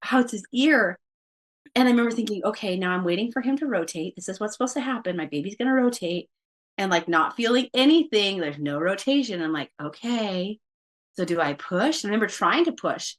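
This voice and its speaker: A woman's voice: mid-range voice, lively intonation, brisk. A woman guest on a podcast, telling a personal story casually and quoting her own thoughts aloud with many fillers.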